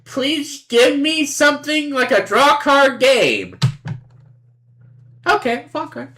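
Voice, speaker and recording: A woman's voice: sits high, very animated, slow pace, sharp tone, slight background noise. A woman streamer giving casual commentary on a card game, playful and sarcastic, acting out both sides of the table and swearing freely.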